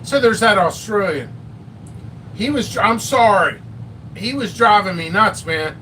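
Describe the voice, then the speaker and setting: Slow, bright-voiced rambling man. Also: sits high, animated, recorded from a distance, a little hiss or hum. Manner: rambling, joking, self-mocking. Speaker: host of a pepper and hot sauce channel. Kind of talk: casual live-stream chat.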